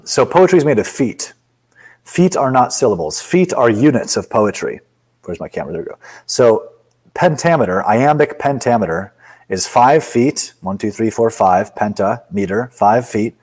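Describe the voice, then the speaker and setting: Blunt, opinionated man with a lowish voice. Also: a little mellow, low-quality recording. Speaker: guest poet and author. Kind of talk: casual interview chat.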